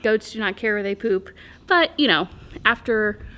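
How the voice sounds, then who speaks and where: A woman's voice: mid-range voice, expressive, moderate pace, bright, forceful tone. A young woman vlogging outdoors on her farm, talking casually with lots of fillers. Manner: chatty, rambling with fillers. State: out of breath. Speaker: homesteader vlogger. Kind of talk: casual outdoor vlog narration.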